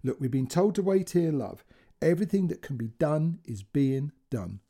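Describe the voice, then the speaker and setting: A man's voice: on the high side, sing-song, warm tone, husky, heavily acted. A man voicing an older father on the phone who is frightened and close to tears, speaking shakily. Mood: distraught. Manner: shaky, apologetic, halting speech.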